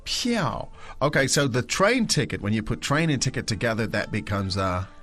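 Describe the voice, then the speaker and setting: A man's voice: on the low side, animated, a little fast, fairly bright tone, soft background music. A man hosting a podcast language lesson, explaining step by step with many hesitations. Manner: explanatory, hesitant with fillers and restarts.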